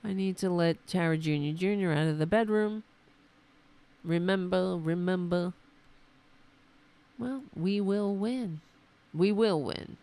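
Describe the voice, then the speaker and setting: A woman hosts a livestream, giving exasperated, sarcastic commentary in a slow, unhurried drawl. Her voice is hoarse and worn, with a gravelly rasp. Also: lowish voice, warm tone. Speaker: livestream host.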